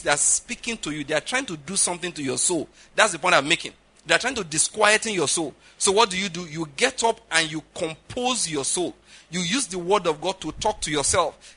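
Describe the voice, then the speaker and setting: Forceful high-voiced preacher. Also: male voice, slightly rough. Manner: emphatic, repeats "all right?" and "do you understand?" to the audience. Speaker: pastor. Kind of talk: sermon.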